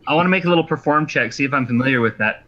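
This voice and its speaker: A man playing a tabletop game, asking the game master questions in a quick, eager way. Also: mid-range voice, highs cut off, crowd noise. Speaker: player. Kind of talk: casual table talk.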